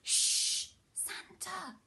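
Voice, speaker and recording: A whispered role-play of small hushing animals that scold Santa, put on by a woman reading a picture book. The hush is high and slow, with a lively rise and fall. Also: full character voice. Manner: hushed and scolding.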